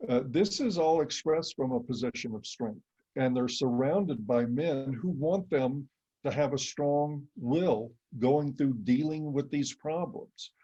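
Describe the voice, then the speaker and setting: A man's voice: medium pitch, a little slow, mellow, breathy edge, highs cut off. A middle-aged man giving an emphatic, blunt interview answer. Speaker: interview guest. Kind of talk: interview conversation.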